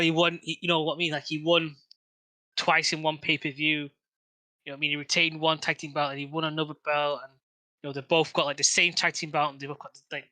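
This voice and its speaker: A man's voice: fairly high pitch, bright, forceful tone, dry recording. A man co-hosting a casual wrestling podcast, rambling and restarting his sentences, with frequent swearing. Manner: rambling, restarts often, lots of fillers and swearing. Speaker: podcast co-host.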